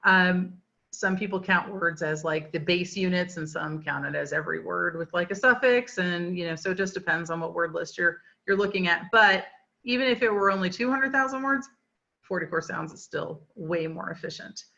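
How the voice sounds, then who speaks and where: Bright-voiced woman teaching a webinar. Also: lowish voice, moderate pace, gravelly. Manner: chatty, explanatory, frequent fillers. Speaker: literacy teacher presenting a webinar. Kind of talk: webinar lecture. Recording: dull lo-fi webinar audio.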